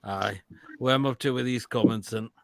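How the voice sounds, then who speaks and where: A man's voice: mid-range voice, steady tone, normal speed, gravelly. A man, hosting a casual live stream and giving crude, blunt verdicts on viewers' food photos between laughs.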